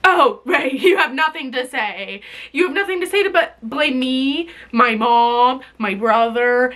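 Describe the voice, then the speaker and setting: A young woman vlogger rants straight to camera in a high, slightly bright, expressive voice, keeping a measured pace with few pauses. She is bitterly sarcastic and swears, and at moments her voice breaks in this emotional outburst.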